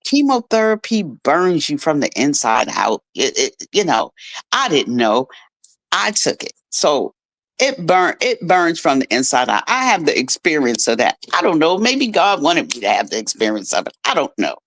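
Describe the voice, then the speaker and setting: A woman's voice: deep voice, big pitch swings, moderate pace, fairly bright tone, no echo. A middle-aged woman, a radio guest, telling a personal story in an earnest, emotional way. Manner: earnest, emotional, restarts often. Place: radio studio.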